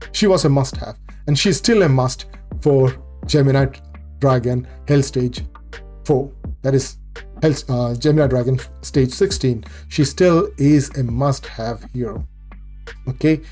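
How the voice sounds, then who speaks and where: Man explaining a game guide, mellow voice. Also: medium pitch. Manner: explanatory, repeats and corrects himself, many fillers. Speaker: gaming channel host.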